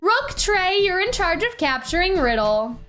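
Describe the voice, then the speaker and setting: A woman's voice: very high-pitched, sing-song, unhurried, fairly bright tone. A young woman streaming a game, reading the dialogue aloud and breaking into gushing, laughing fan reactions. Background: faint game music.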